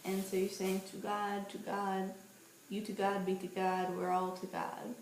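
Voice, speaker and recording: A woman's voice: mid-range voice, a little slow. A woman in her twenties telling stories in a casual, playful vlog, walking outdoors and holding her camera. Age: 20s. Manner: chatty, animated, playful storytelling. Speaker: vlogger. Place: outdoors on a street at night. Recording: roomy echo with faint ambient noise.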